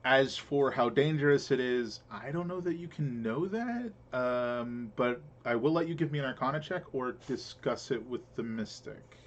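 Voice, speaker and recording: A man's voice: medium pitch, expressive, normal speed, dull audio. A man narrating as game master for a tabletop game, rambling with many fillers and restarts.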